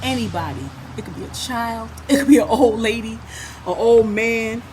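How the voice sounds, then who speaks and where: A middle-aged woman talks to her viewers into a phone held at arm's length, chatty and quick to laugh, then earnest and soft. She sounds a little out of breath, and her voice sits fairly high. Clear traffic noise runs behind her. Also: low-quality recording. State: out of breath and sweaty. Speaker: vlogger. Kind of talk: personal storytelling to viewers.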